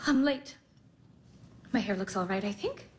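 A woman's voice: mid-range voice, lively intonation, measured pace, a little mellow, natural voice. An actress playing a flustered, self-conscious young woman in a stage drama.

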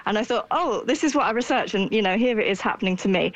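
A woman's voice: on the high side, expressive, fast talker, dry recording, poor audio. A woman from Essex, a researcher guest on a radio interview, explaining in an articulate way. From Essex, England.

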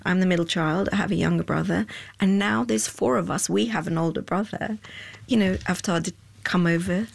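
A woman with a fairly low voice and a gravelly edge, recounting a personal family story in an interview. She speaks in a heartfelt, candid way. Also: fairly quick. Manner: heartfelt, drops to whispers for remembered thoughts.

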